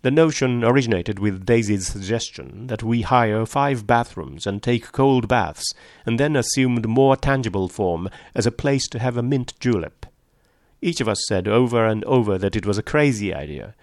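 A man reading a novel aloud as an audiobook narrator, measured and literary. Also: fairly low pitch, lively intonation, darkish tone, dry recording, clean studio sound. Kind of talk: scripted narration.

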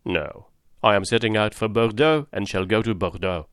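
A man reading an audiobook voices a gruff, stubborn middle-aged sea captain who answers in short blunt refusals with a growling voice. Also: fairly low pitch, lively intonation, unhurried, a bit bright, dry recording, studio quality, full character voice. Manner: clipped, blunt one-word refusals. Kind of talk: audiobook character voice.

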